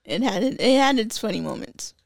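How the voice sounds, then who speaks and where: Giggly high-voiced woman co-host. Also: sing-song, normal speed, vocal fry, no room sound, studio quality. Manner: giggly, retells scenes. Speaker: podcast co-host. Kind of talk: casual podcast chat about a movie.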